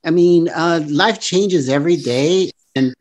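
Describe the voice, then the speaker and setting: Earnest, higher-voiced man in his fifties. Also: measured pace, darkish tone. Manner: earnest, encouraging, playful jokester. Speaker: podcast co-host. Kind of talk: casual chat.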